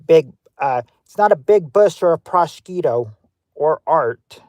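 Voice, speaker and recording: A man's voice: a little high, animated, unhurried, a little mellow, dry recording. Chatty man hosting a livestream game. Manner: chatty, rattles off guesses and greets viewers by name; offhand, with frequent fillers and restarts. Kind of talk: livestream game show hosting, reading chat guesses.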